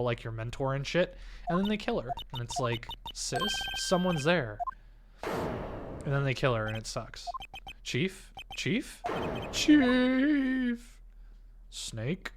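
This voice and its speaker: A man's voice: mid-range voice, noisy background. Man, sniffly, casual streamer commentary, chatty, profane, game music behind. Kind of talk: casual let's-play commentary.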